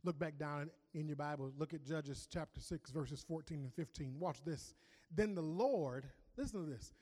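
High-voiced preacher in an echoing hall. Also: male voice, normal speed. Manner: emphatic, swings from loud to hushed. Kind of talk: sermon. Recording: long reverb of a large hall.

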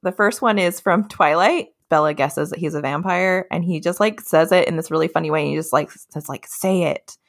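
A woman's voice: low voice, a little fast, hardly any pauses, dry recording, studio quality. A woman in her thirties chatting as a guest, giggly and full of "like". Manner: giggly, storytelling, lots of "like". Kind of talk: casual chat.

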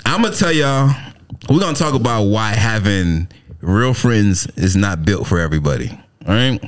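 A man's voice: fairly low pitch, moderate pace. A young man hosting a casual podcast chat, telling stories with slang and frequent laughter. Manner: storytelling, animated, laughs often, African American slang. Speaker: podcast host.

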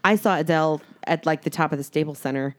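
A woman co-hosts a casual podcast, slinging gossip and swearing freely. Her voice sits slightly low, and she throws herself into her stories with plenty of animation. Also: fast. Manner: gossipy, profane, animated storytelling. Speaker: podcast co-host. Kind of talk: casual chat.

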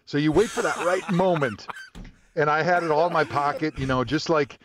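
A man's voice: fairly high pitch, brisk, a crowd in the background. A man, a former football player and guest, telling a long story in casual talk, rambling with plenty of fillers.

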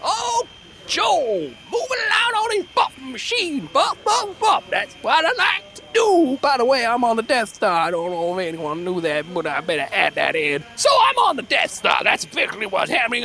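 A man's voice: very high voice, sharp tone, heavily acted. A man voicing a grumpy old male janitor on a space station, rambling and cursing at length in improvised podcast comedy.

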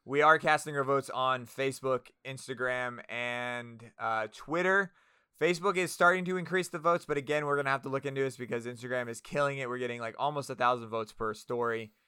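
A man hosting a casual podcast, energetic, crude and rambling. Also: mid-range voice, brisk, clean tone, dry recording, clean studio sound. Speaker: podcast host.

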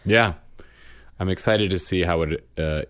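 Man, low voice, casual chat, rambling animated storyteller, co-host. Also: unhurried, clean tone.

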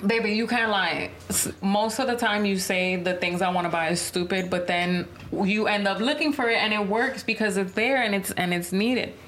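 A woman's voice: mid-range voice, fairly even intonation, moderate pace, few pauses, a bit bright. A woman hosting a casual chat show, brash and slangy, addressing the viewers directly. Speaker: podcast host. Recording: light background noise.

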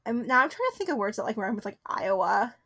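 A young woman co-hosting a podcast in casual chat, chatty and giggly, riffing quickly. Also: on the high side, sing-song, pushed and bright. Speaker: podcast co-host.

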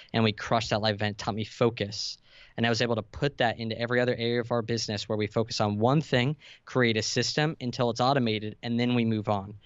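A man's voice: medium pitch, smooth, no room sound, dull audio. A man in his twenties, a podcast guest, telling a vulnerable personal story in an earnest way that rises to intense emphasis. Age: 20s. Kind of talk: emotional storytelling in conversation.

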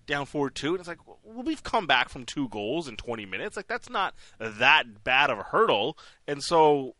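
A man hosting a post-game hockey talk show, animated and full of restarts. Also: a little high, normal speed, dry recording. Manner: animated, restarts often, laughs while talking. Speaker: sports podcast host.

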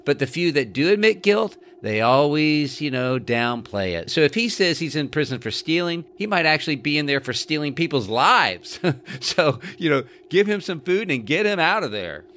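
A man's voice: on the high side, sing-song, normal speed, few pauses, fairly bright tone, a little hiss or hum. A man co-hosting a podcast, making sarcastic jokes and laughing a lot in casual commentary. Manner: joking, sarcastic, laughs often. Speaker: podcast co-host.

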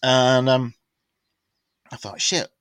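A man in his fifties, a podcast guest telling a casual anecdote in an animated way, swearing freely and full of fillers and restarts. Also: medium pitch, slow, clear, resonant tone, no echo. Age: 50s.

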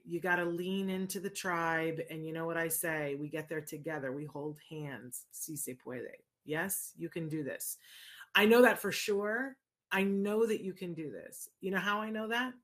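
A woman hosting a casual live chat, answering viewers in an animated, conversational way and often checking in with "right?". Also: fairly low pitch, normal speed. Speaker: host answering viewer questions.

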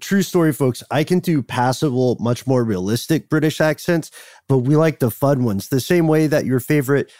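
A man's voice: mid-range voice, normal speed, no room sound, clean studio sound. Joking man co-hosting a podcast. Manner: jokey, animated, laughs often. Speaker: podcast co-host. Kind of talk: casual chat.

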